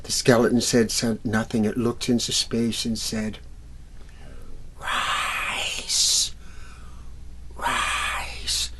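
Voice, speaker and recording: A man telling a fairy tale to children at a library event, acting out the characters and sound effects with lively energy. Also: mid-range voice, normal speed, hardly any pauses, heavy background noise. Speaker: musical storyteller. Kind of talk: storytelling for children.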